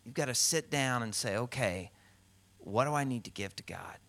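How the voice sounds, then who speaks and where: A middle-aged man preaching a sermon as pastor, telling stories and acting out quotes with lively swings in voice. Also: mid-range voice, normal speed, creaky. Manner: storytelling with animated acted-out quotes.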